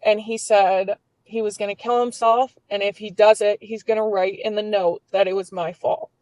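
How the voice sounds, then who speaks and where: A woman's voice: mid-range voice, steady tone, normal speed, a little mellow, no echo, low-quality recording. A woman in her twenties telling a personal story as a podcast guest, candid and swearing freely, with lots of filler words.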